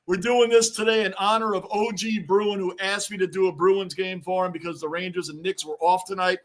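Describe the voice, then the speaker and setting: A high-voiced man hosts a live sports reaction stream, talking a little fast with hardly any pauses. Excitable, chatty and repetitive, he rambles through game commentary and calls out greetings to viewers in between.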